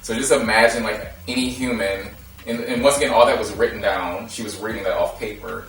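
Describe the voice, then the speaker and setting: A man who is a podcast guest, debating in a rapid way with lots of restarts and fillers. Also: on the low side, fairly even intonation, a bit bright, soft background music. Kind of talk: casual debate. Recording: echoey room, mic at a distance.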